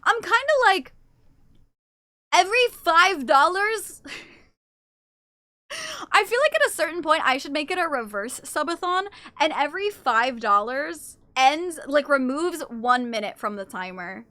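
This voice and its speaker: Chatty woman streamer, high bright voice, playful and a bit foul-mouthed, dry close recording. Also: lively intonation, a little slow, dry recording. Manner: chatty, playful, reads chat aloud, swears casually. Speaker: livestreamer. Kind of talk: casual livestream chat.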